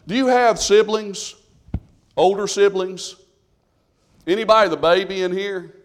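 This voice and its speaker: A man's voice: sits high, measured pace. A man preaching a sermon in a conversational way, asking the congregation questions. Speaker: pastor.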